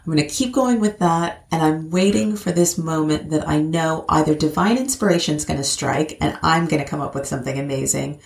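American woman, middle-aged, low gravelly voice, echoey room, chatty and animated. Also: a little fast, hardly any pauses. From United States. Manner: chatty, animated, laughs often. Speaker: guest, actor. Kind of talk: casual interview chat.

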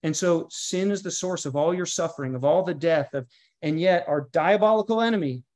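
Man, pastor, guest on a podcast, fairly high voice, emphatic, preacher-like. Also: a little fast, a little mellow. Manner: emphatic, preacher-like, builds through lists and repeated phrases. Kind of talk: podcast interview, earnest teaching tone.

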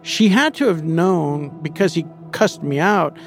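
Gravelly man telling a raw story. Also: a little high, measured pace, faint music behind. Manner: candid and profane, acting out his own inner voice. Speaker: interview guest telling his story. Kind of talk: personal storytelling.

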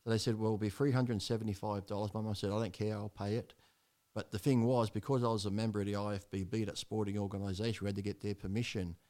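A man's voice: lowish voice, little pitch movement, fast talker, dark tone. A man, a podcast guest telling his story in a blunt, rambling way with heavy swearing.

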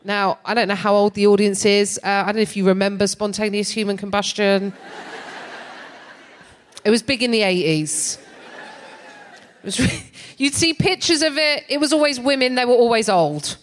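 A woman's voice: mid-range voice, moderate pace, pauses often. Wry English woman telling a stand-up story. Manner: wry, animated comic delivery with frequent laughter. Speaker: comedian and co-host.

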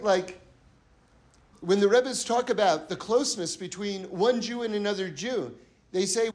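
A man giving an earnest sermon-style Torah talk who repeats his points for emphasis and tells parables. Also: high voice.

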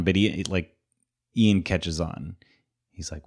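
Deep-voiced man rambling through a recap. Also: takes it slowly, pauses often, darkish tone. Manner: rambling, filler-heavy. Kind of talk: casual movie recap.

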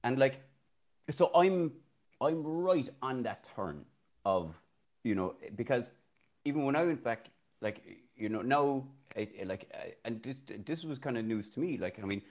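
Irish teacher guy chatting on a podcast, bouncy pitch all over, laughs a lot, does little voices in his stories. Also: a little slow, dull audio. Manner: animated, laughing, acts out voices in anecdotes. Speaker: primary school teacher, guest. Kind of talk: casual podcast chat, storytelling.

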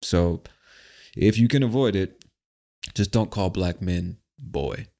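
A man from the United States hosts a solo podcast in a relaxed, conversational way. His voice sits very low, and he talks loosely, with frequent swearing. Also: slow pace, vocal fry. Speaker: podcast host. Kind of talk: casual podcast monologue.

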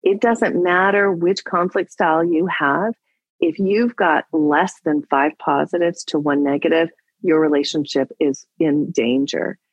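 A woman's voice: low-pitched, unhurried, dry recording, poor audio. A woman relationship coach on a podcast, telling a personal story with acted-out dialogue and giving advice. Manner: animated storyteller, acts out dialogue.

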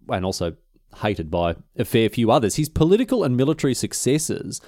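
Australian male podcast host, low voice, rapid casual storytelling, dry booth sound. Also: no room sound. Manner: animated, slangy, acts out characters' voices.

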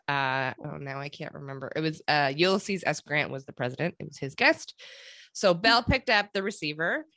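A woman co-hosting a casual podcast, telling history stories and laughing often. Her voice sits a little low but rings bright, and her pitch swings widely. The sound is dry and close. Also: no echo. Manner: laughing, animated storytelling. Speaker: podcast co-host. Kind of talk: casual chat.

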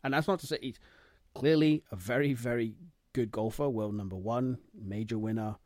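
A man co-hosting a casual podcast chat, giving his opinions in a measured, matter-of-fact way. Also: medium pitch, darkish tone, no echo, clean studio sound. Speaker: podcast co-host.

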